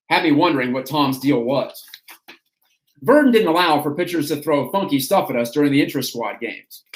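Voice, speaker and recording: A man hosting a stream, reading an autobiography aloud in a steady storytelling way. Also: a little high. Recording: roomy echo.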